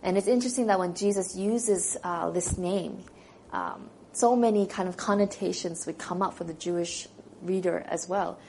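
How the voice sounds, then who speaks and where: A woman's voice: fairly low pitch, normal speed, darkish tone, a little hiss or hum, low-quality recording. A woman teaching a Bible lesson in a sermon, reading scripture aloud and then talking it through with a small group, asking them questions. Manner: conversational, asks the listeners questions.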